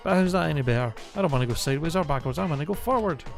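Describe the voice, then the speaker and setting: A man's voice: a little high, lively intonation, racing, creaky. A man voicing a smug, scheming male bear mascot in a rambling, mocking complaint, with game music behind.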